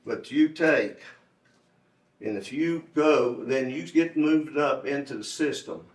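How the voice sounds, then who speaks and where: A man's voice: medium pitch, slow. A man, giving a folksy, rambling campaign speech at a club meeting, repeating his points for emphasis. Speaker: candidate for state delegate. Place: meeting room. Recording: roomy echo, distant mic.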